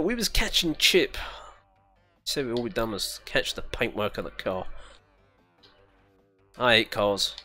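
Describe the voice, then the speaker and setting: A young British man with a lively, jumpy voice talks his way through a racing game at an unhurried pace. He chats, swears and giggles a lot, and faint music plays underneath. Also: mid-range voice. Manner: chatty, swears and giggles often. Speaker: gaming channel host. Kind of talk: casual let's-play commentary.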